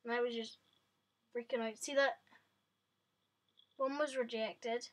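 A woman giving excitable, chatty commentary on a game to her viewers. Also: on the high side, unhurried. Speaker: vlogger. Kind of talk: casual gameplay commentary.

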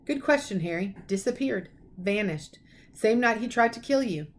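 Hagrid, a woman reading as the gruff giant gamekeeper. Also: sits high, lively intonation, normal speed. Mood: confiding. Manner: rough folksy dialect speech. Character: huge gruff kindly male half-giant gamekeeper. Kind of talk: storybook reading aloud.

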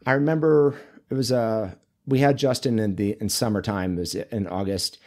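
A man, a men's coach and author, talking as a podcast guest in a relaxed, chatty way, full of fillers and storytelling. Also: fairly low pitch, normal speed. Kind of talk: casual interview conversation.

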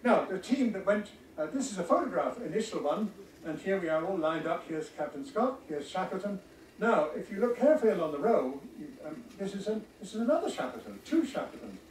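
Halting lecturer in an echoey room. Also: male voice, sits high, big pitch swings, darkish tone, distant mic, slight background noise. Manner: halting, many ums and restarts. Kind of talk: illustrated history lecture.

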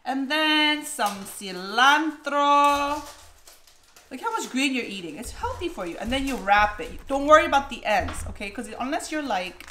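A woman's voice: on the high side, sing-song, fairly quick, few pauses, pushed and bright, slight background noise. A woman hosting a casual cooking vlog, chatting playfully and talking straight to her viewers in a home kitchen. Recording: echoey room with background music.

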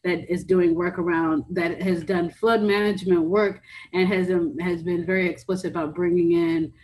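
A woman speaking at a policy briefing, talking quickly with many restarts and fillers. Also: on the low side, steady tone, darkish tone, slight background noise, low-quality recording.

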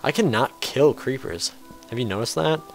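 A man giving casual commentary over a game he is playing, jumpy and quick to swear and scold the game aloud. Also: medium pitch, expressive, creaky, music in the background. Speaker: let's play host.

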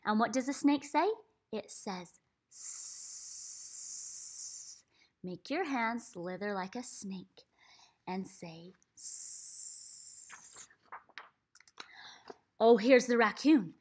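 Recorded on a laptop, a reading teacher with a slightly high, a little mellow voice reads a phonics book aloud to young children. She takes her time, with lively intonation and big playful leaps in her voice as she acts out the letter sounds.

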